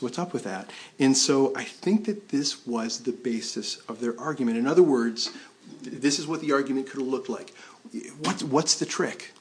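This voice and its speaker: A male pastor delivering a sermon in a church, his pitch sitting in the middle of the usual range for a man. He talks to the congregation in a loose, conversational way, with fillers and restarts, and acts out the quotes he tells. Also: darkish tone.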